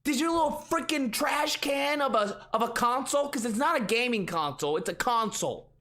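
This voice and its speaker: A man's voice: extremely high pitch, bright, forceful tone. A man in a gaming video, taunting in a dopey, exaggerated put-on voice. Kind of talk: mocking put-on gamer voice.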